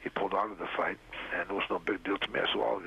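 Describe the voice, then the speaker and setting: An older man, a raspy-voiced interview guest, tells a long story in a halting way, full of "uh" fillers, on a dull lo-fi recording. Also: sits low, fairly even intonation, pushed and bright. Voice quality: gravelly, raspy. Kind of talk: rambling storytelling. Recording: dull lo-fi radio sound.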